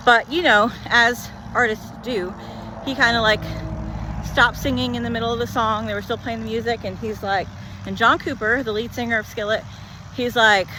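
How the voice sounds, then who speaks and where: A woman vlogging while walking, telling a story in a chatty, animated way full of "like". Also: on the high side, normal speed, background noise. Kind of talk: walk-and-talk storytelling.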